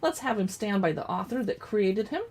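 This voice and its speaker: A woman's voice: medium pitch, expressive, moderate pace, a little mellow, a little hiss or hum. A woman hosting a casual show-and-tell, chatting playfully while she handles books and toys. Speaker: host showing books and collectibles. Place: indoors at home in front of a backdrop.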